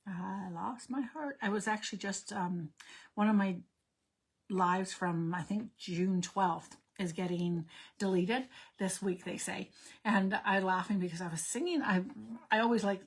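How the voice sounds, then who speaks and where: A woman's voice: medium pitch, measured pace, husky. A woman hosting a card-making livestream, thinking aloud in a loose, meandering way. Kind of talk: casual crafting livestream chat.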